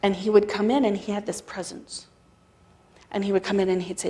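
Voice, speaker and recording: A middle-aged American woman giving a spiritual talk, telling a story in a conversational, animated way and acting out the dialogue. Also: medium pitch, brisk. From United States. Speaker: spiritual practitioner speaker. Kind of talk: sermon storytelling.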